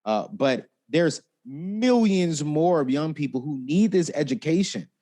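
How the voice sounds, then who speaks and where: Animated man telling money stories. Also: measured pace. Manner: expressive, acts out quotes with big pitch jumps, talkative. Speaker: guest, personal finance expert. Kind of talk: animated interview storytelling.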